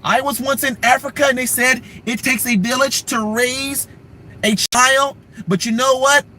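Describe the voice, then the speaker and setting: A man mocking a woman politician who preaches and shouts to a church crowd. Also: extremely high pitch, fairly even intonation, normal speed, a little hiss or hum. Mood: pandering.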